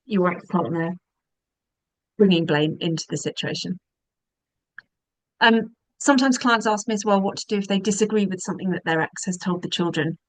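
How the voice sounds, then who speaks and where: A woman, a divorce specialist giving calm, measured webinar advice with frequent ums. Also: fairly low pitch, no room sound, poor audio.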